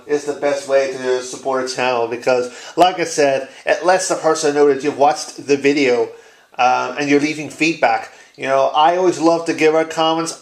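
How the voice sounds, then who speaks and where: A man's voice: a little high, reverberant, low-quality recording. A man hosting a gaming channel, giving a casual vlog tag response in a chatty, joking way with frequent ums. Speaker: YouTube gaming channel host.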